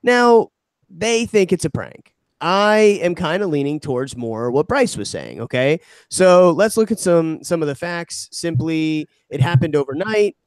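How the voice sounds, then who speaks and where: A man's voice: a little high, animated, unhurried, clean tone, no echo. Young man in loose, joking podcast banter. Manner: joking, swearing, puts on mock Canadian voice. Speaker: podcast co-host.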